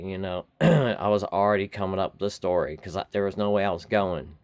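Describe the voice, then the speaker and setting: Brief: low-voiced man, sober-living vlogger, dry close sound, earnest and slow, shivering outdoors. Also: a little mellow, no room sound. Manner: earnest, slow, repetitive encouragement. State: shivering from cold. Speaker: recovery vlogger. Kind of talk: heartfelt motivational talk to camera. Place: outdoors in the cold.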